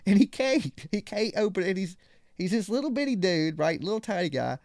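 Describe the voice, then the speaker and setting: A man's voice: sits high, big pitch swings, fairly quick, darkish tone, dry recording, studio quality. A man hosting a live call-in show, telling a story casually and acting out other people's lines.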